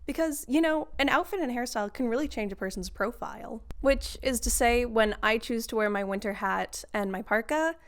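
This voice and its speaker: A woman's voice: a little high, a little fast, few pauses. A woman vlogger giving a casual, sarcastic rant to her viewers and laughing often. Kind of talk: casual ranting monologue.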